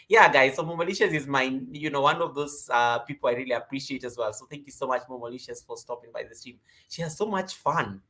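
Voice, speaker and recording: Bright-voiced man hosting a live stream. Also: mid-range voice, fast talker. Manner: energetic, greets viewers warmly by name, frequent laughs. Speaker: livestream host. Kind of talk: casual live-stream chat. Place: at home.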